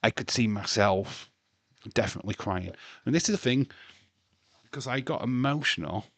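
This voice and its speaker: Male streamer, slightly low pitch, dry sound; casual, sweary, ranting host. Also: lively intonation, moderate pace, dry recording. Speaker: wrestling livestream host. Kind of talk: casual livestream chat.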